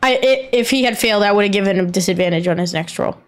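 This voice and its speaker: A woman running a tabletop role-playing game as game master, explaining rulings and narrating in a casual way. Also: mid-range voice. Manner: casual, rules-focused, quick asides.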